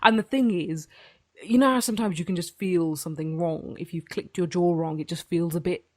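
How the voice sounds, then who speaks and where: A woman's voice: fairly low pitch, a little fast, a little mellow, no echo, studio quality. A woman in her early twenties chatting casually, telling a vivid, sweary story and acting out the dialogue. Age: early 20s. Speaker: podcast host.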